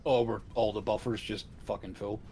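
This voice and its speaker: A man's voice: lowish voice, fairly even intonation, moderate pace, warm tone, a little hiss or hum. A tired, yawning man co-hosting a gaming livestream, talking in a laid-back, wry way with casual swearing. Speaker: co-streamer. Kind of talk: casual gameplay chat.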